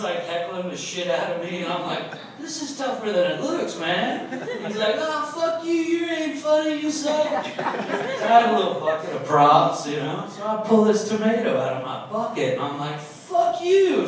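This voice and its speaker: A man telling rambling, profane stand-up stories at an open mic night in a bar. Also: high voice. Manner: loud, profane, rambling anecdotes. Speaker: stand-up comic. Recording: echoey bar taped from far off, crowd noise.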